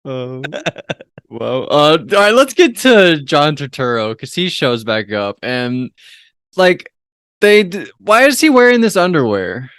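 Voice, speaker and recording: Easygoing male co-host, lively pitch. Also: slow pace, clear, resonant tone, dry recording, clean studio sound. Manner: easygoing, retells scenes, laughs. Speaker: podcast co-host. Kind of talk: casual film review chat.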